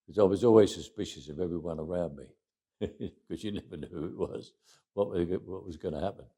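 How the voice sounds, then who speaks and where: An older man with a Cockney accent talks through memories in an interview. His voice sits low, and he often chuckles and trails off quietly. He restarts phrases as he goes. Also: brisk, breathy edge. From England. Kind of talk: reflective interview storytelling.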